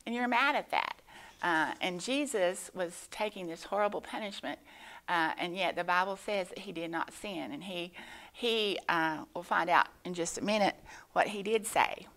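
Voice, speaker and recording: A woman gives a children's Bible lesson at church, explaining gently with frequent pauses and fillers. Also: fairly low pitch. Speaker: Sunday school teacher.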